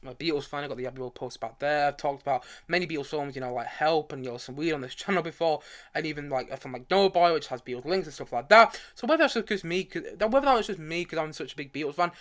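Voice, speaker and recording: A man talks quickly in a fairly high voice while hosting a film review live stream from his room at home. His casual chat rambles along with many restarts and side remarks. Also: fairly bright tone. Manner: rambling and chatty, with frequent restarts and asides while searching for images. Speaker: movie review livestream host.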